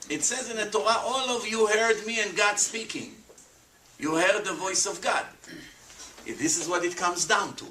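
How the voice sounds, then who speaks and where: A man, giving an animated lecture to an audience as a rabbi and acting out the voices of skeptics. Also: sits high. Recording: echoey room, voice from far off, faint background noise.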